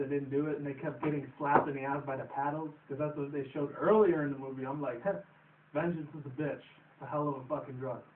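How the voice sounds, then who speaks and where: A young man recapping a comedy movie in a loose, profane, rambling way. He laughs at his own retelling. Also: on the high side. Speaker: vlogger reviewing a movie. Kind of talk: casual rambling movie review. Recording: echoey phone-quality audio from a distance.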